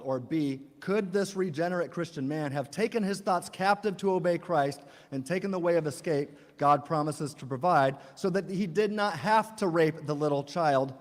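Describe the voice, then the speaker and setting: A man's voice: fairly high pitch, normal speed, hardly any pauses. A man in a formal debate, pressing his opponent with repeated questions. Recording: debate clip in a reverberant hall.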